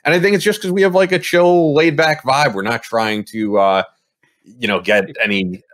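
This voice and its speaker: A man hosting a podcast in casual chat, laid-back and quick to laugh. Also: mid-range voice, fairly even intonation, fairly bright tone. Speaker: podcast host who books guests.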